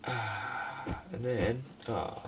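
A man giving sarcastic, self-mocking commentary over a game he plays, breaking into quick outbursts at it. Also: fairly low pitch, far from the mic, background noise. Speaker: gaming commentator. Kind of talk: let's play commentary.

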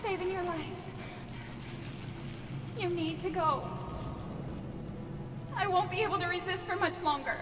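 A woman's voice: extremely high pitch, measured pace, pauses often, background noise. An actress playing a desperate young woman fighting off a possession, speaking urgently and strained. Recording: game audio with roomy reverb and music.

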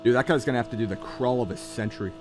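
A man giving jokey, excitable live commentary while playing a mobile shooter game. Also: medium pitch, racing, music in the background. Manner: excitable, jokey, keeps exclaiming in alarm. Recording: loud game gunfire behind. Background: game gunfire and explosions.

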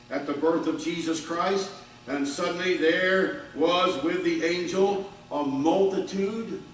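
High-pitched preacher in an echoey sanctuary. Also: male voice, distant mic, slight background noise. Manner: dramatic preaching with swings between hushed and loud. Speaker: pastor. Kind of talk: sermon.

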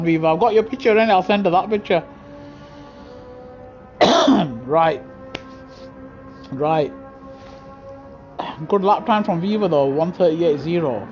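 A man's voice: sits high, unhurried, pauses often, a little mellow. Young British man, gaming streamer, slangy joking banter, headset mic, faint music behind. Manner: joking banter with chat, slangy, laughs often. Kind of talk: live gameplay commentary.

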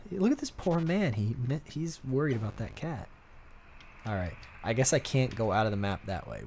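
A man's voice: mid-range voice, darkish tone, a little hiss or hum. A man casually commenting while playing a video game, chatting to himself about what happens on screen. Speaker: let's play host.

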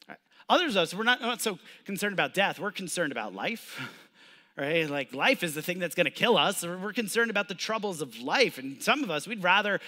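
A man's voice: sits high, sharp tone, long reverb tail. A man preaching a sermon as pastor, conversational and casual, building up with emphatic repetition. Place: church sanctuary.

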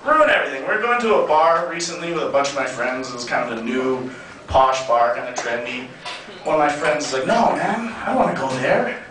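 A man performing a crude stand-up comedy set, brash and punchy, with sudden loud bursts. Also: fairly high pitch, fairly quick, a little hiss or hum. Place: comedy club stage. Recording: echoey club sound from a distant mic, crowd laughter. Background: audience laughing.

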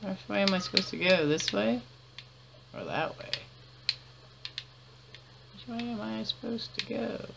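A woman's voice: medium pitch, a little slow, vocal fry, long pauses, background noise. A woman giving chatty let's-play commentary, laughing often and muttering to herself as she plays. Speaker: gamer.

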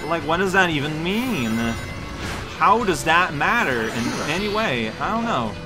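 A man's voice: on the high side, very animated, measured pace. A man casually commenting over a video game he is playing, joking and rambling. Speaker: let's play host. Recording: voice over game audio and music.

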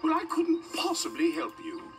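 A man's voice: very high voice, huge pitch swings, moderate pace, distant mic, music in the background, pitched above the performer's own voice, full character voice. A man voicing a haughty, proud female quarry lorry in a prim, sniffy manner.

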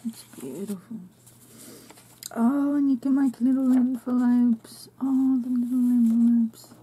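A woman host of a crafting channel, unboxing a craft swap package and gushing over each item in soft exclamations and whispers. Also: a little high, steady tone, unhurried, slight background noise.

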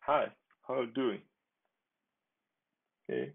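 Slow gravelly man on lo-fi audio. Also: mid-range voice. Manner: unhurried, halting, chuckles while he talks. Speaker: software developer presenting his project. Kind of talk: casual screen-share demo. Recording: tinny phone-like lo-fi audio.

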